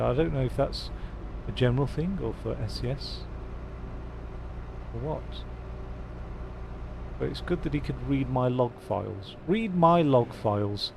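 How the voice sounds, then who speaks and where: A man's voice: medium pitch, gravelly, noisy background. A man rambling casually as he streams a truck-driving game, with self-mocking asides. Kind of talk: casual live-stream commentary.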